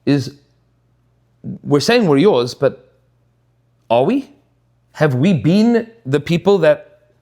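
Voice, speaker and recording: Expressive high-voiced rabbi teaching. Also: male voice. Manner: expressive storytelling, dipping low for asides. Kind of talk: Torah class teaching.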